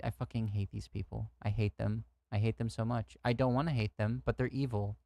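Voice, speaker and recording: A man's voice: medium pitch, fairly even intonation, normal speed, hardly any pauses, a little mellow, dry recording. An American man reacting to news clips on a stream, blunt and heated, cursing freely and laughing between rants. His voice is recorded close and dry, with no room sound. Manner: outspoken, swearing, laughs often, heated rants. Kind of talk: casual reaction commentary.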